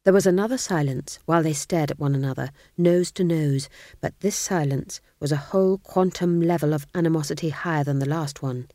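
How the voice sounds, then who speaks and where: A woman reading a comic fantasy novel aloud in a wry, expressive storytelling manner. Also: low voice, fairly quick, dry recording, clean studio sound. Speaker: audiobook reader. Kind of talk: scripted narration.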